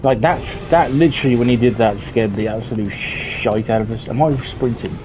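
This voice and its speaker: A man's voice: medium pitch, moderate pace, noisy background. A young man commenting on a horror game as he plays, swearing a lot and yelping when something startles him. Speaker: gameplay streamer. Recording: game music loud behind voice.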